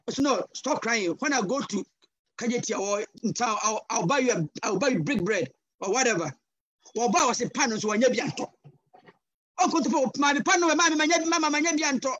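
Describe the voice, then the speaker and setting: Preaching as a guest over a video call, a man with a Ghanaian accent and a very high voice speaks fairly quickly, mixing English and Twi with bursts of loud crying out. The sound is dull, with no room sound.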